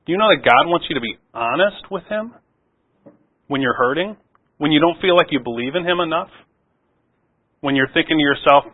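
A man preaching a sermon in an earnest voice, rising to loud pleading and dropping to soft, low asides. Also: expressive, fairly quick, pauses often. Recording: phone-like narrow sound.

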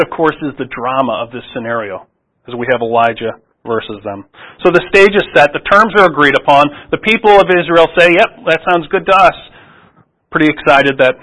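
A man's voice: a little high, a bit bright, poor audio. A man preaching a sermon in a conversational way, often restarting phrases and asking rhetorical questions.

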